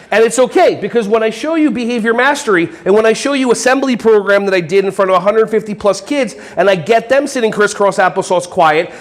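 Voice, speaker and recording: A man giving a playful workshop talk to a live audience, joking and quizzing the crowd. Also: sits high. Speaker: conference presenter.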